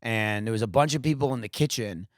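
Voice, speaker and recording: A man's voice: medium pitch, fast, no echo, studio quality. A man co-hosting a comedy food podcast, telling stories in a casual chat and acting out what people said. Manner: animated storyteller, acts out quotes. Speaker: podcast co-host.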